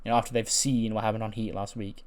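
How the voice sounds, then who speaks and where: A man's voice: on the low side, little pitch movement, quick pace. Man casually retelling a game storyline. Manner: chuckling, loose and rambling. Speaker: let's play narrator.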